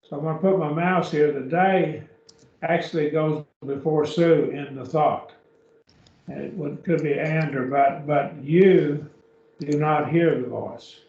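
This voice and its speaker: A man with a fairly high, darkish voice speaks steadily and without hurry, patiently walking a beginners' Greek class through each step and often asking "okay?" He's recorded from afar in a church classroom, and the sound is echoey, distant, and dull lo-fi.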